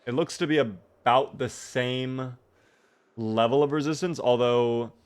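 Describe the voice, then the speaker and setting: In a smooth, medium-pitched voice at a measured pace, a young man chats casually through a survival-game stream. He's tired and yawns as he thanks viewers by name in his live commentary.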